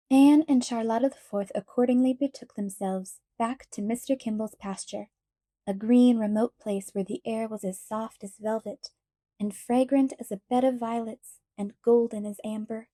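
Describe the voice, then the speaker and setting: A woman narrating an audiobook in a calm, measured storytelling manner. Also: a little high, no room sound, clean studio sound.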